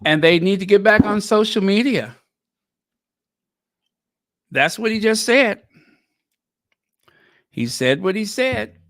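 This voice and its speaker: A man with a slightly high voice talks slowly and casually, hosting his own commentary channel. He rambles with plenty of fillers and false starts, and his tone is sarcastic and mocking. The sound is dry and close, with no room echo. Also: lively intonation, a bit bright.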